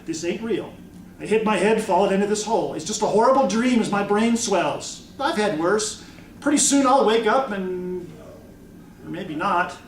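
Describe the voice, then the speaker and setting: A man's voice: high voice, lively intonation, moderate pace, a little hiss or hum. A man reading a frightened, stammering young girl heroine, recorded from a distance in an echoey room. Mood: shaky. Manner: nervous, stammering. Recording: echoey room, mic from far off.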